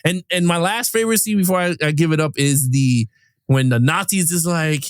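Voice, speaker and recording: Guy with a high voice, acting out movie scenes and laughing, dry close mic podcast. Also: a little fast, smooth, dry recording. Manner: animated, acts out film lines with laughter. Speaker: podcast co-host. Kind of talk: casual movie review chat.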